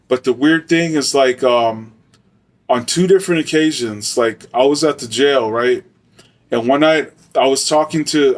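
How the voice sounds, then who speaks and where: A man's voice: mid-range voice, recorded from a distance. A man from Arizona telling a story in a loose, slangy, profane way with lots of fillers. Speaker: storyteller, former soldier. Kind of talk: casual spoken storytelling.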